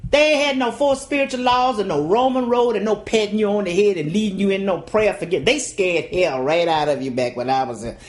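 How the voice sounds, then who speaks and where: An older woman with a Southern US accent, telling a folksy, dramatic childhood story. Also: medium pitch. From Louisiana, USA. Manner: folksy, dramatic delivery with acted-out voices. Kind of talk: oral storytelling.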